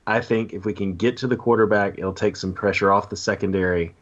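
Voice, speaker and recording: A man's voice: lowish voice, fairly even intonation, fairly quick, dull audio. A man from the Southern US, co-hosting a sports podcast with agreeable, laid-back comments. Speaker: podcast co-host. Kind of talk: casual sports chat.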